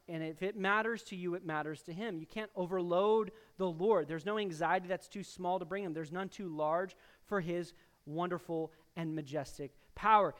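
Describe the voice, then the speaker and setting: High-voiced man preaching a sermon. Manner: emphatic preaching with sudden louder bursts and soft drops; addresses the congregation directly as church. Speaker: pastor.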